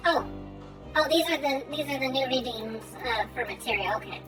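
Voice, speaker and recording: A young woman streams a game, chatting playfully and thinking aloud as she goes in casual gameplay commentary. Her voice is high-pitched and her pace moderate, with game music playing behind her.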